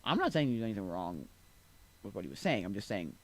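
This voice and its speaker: Animated man rambling on stream. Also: on the low side, quick pace, poor audio. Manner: rambling, with many restarts and asides. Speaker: game streamer. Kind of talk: casual rambling chat while gaming.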